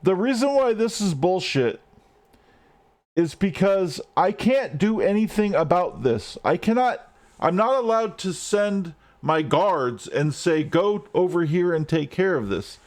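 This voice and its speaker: Frustrated male streamer, higher voice. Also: sing-song, measured pace, a little mellow. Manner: frustrated, swearing, rants at the game. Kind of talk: live gameplay commentary.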